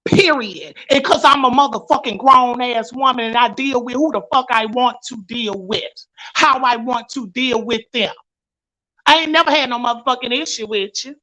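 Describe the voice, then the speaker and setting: Heated high-voiced woman ranting. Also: moderate pace, pushed and bright, low-quality recording. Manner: profane, confrontational. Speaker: vlogger. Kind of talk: heated rant.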